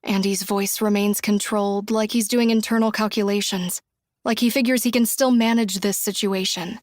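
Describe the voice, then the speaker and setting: A woman's voice: mid-range voice, steady tone, normal speed, dry recording, clean studio sound. Intense woman narrating a thriller. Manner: intense, emotional storytelling. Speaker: audiobook narrator. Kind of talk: first-person thriller narration.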